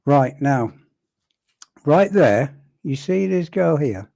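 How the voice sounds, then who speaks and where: A man breaks down a video clip in a loose, wry way, stopping and restarting as he thinks. His voice is warm and mellow. The sound is dry and close. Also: on the high side, lively intonation, gravelly, dry recording. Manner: conversational, wry, with pauses and restarts. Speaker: commentator analysing a video clip. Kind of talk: casual video commentary.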